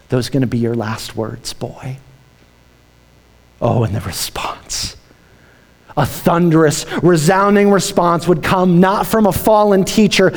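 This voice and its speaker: Pastor guy preaching slow and dramatic, high voice, long reverb like a big church hall. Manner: dramatic preaching, swinging from hushed to shouted. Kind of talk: sermon.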